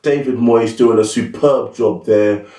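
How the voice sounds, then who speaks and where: Blunt football pundit, roomy. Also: male voice, mid-range voice, a little slow, dark tone. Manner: blunt, opinionated, slangy. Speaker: football pundit, channel host. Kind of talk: casual solo commentary. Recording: roomy, mic at a distance.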